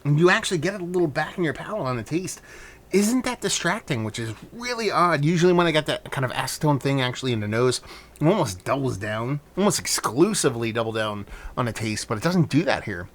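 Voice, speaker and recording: A man's voice: on the high side, lively intonation, quick pace. A man casually reviewing a hazy beer on his vlog, talking loosely with rambling asides and frequent swearing.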